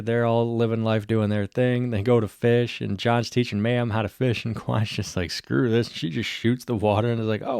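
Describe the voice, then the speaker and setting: Excited man recapping a show, dry sound. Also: on the low side, no echo. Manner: excited, rambling recap with many "like" fillers. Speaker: channel host reviewing a TV episode. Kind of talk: casual video review recap.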